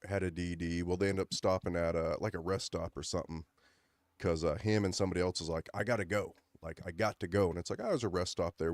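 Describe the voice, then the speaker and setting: A man with a lowish voice tells loose, rambling stories on a studio podcast, slipping into voices for the people in them. He is close on the mic, and the sound is dry with no room ring. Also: a little mellow, dry recording. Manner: rambling anecdotes with acted-out quotes. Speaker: podcast co-host. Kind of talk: casual chat, storytelling.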